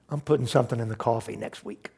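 A man preaching a sermon as pastor, swinging from emphatic calls to quiet asides and light jokes. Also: medium pitch, creaky, slightly rough.

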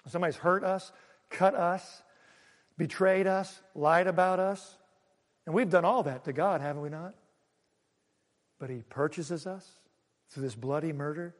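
A male pastor preaching a sermon, stretching key words for emphasis, dropping soft for effect and asking the congregation rhetorical questions. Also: sits high. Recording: long reverb of a large hall.

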